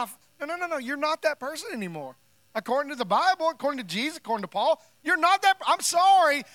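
A man with a notably high, bright voice delivers a sermon as pastor, talking to his congregation in an easy, conversational way and pressing his points with emphasis. His voice is close and dry, with almost no room sound around it. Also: no echo. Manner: conversational, emphatic preaching with playful asides.

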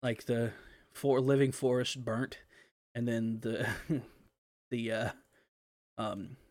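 A young man hosts a laid-back podcast chat in a medium-pitched voice. He rambles, swears freely and leans on fillers as he talks. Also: little pitch movement, takes it slowly, darkish tone. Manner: rambling and profane, with frequent fillers and laughter. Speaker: podcast host.

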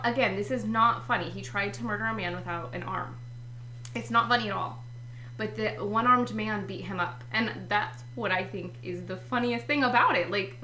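A young woman co-hosts a casual podcast about books, speaking candidly, poking fun at herself and giggling often. Her voice is medium in pitch with a sharp tone, recorded in an echoey room with a faint hum.

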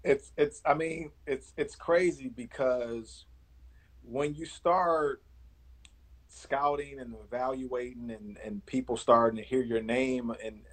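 Husky man in his forties talking basketball. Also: mid-range voice, slow pace, rough recording. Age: 40s. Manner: repeats words, animated storyteller. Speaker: basketball scout and analyst. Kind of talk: casual interview chat.

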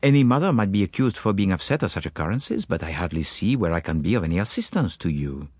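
A man's voice: deep voice, sing-song, quick pace, a little mellow, husky, no echo, clean studio sound, heavily acted. A man voicing a fussy, precise Belgian detective, courtly and mildly amused, in an audiobook. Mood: dismissive.

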